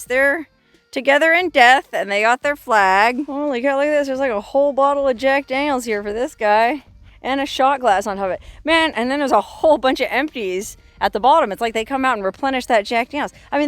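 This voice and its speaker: A middle-aged woman with a fairly high voice vlogs a walk through the open desert, chatting and reading inscriptions aloud. The sound is dry with no echo, and faint music plays underneath. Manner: chatty, reads inscriptions aloud, exclaims softly. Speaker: vlogger exploring remote desert sites. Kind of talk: casual narrated walkabout.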